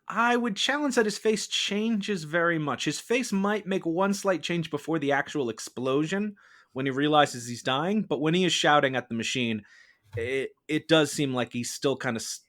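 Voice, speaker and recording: A man acting as prosecutor in a mock trial on a podcast, arguing a prepared case in a measured, formal courtroom manner. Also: on the high side, fairly bright tone. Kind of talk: prepared argumentative case delivered to a judge.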